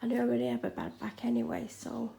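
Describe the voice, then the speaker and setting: A woman chatting frankly in a home vlog from a room she is decorating, sometimes dropping into soft whispered asides. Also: fairly high pitch, steady tone, quick pace, gravelly, slight background noise. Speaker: vlogger. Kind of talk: casual home vlog chat.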